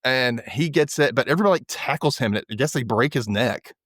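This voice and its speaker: A man's voice: mid-range voice, fast, fairly bright tone, no room sound, studio quality. A man hosting a podcast, casually recapping a TV episode and acting out the characters' lines in little voices. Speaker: podcast host.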